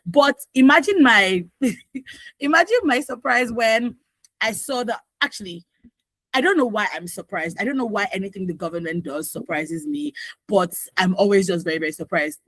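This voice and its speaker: A woman with a Nigerian accent hosting morning radio talk, opinionated and animated, full of asides, on a studio microphone. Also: medium pitch, normal speed, breathy edge, no echo, poor audio. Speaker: radio host.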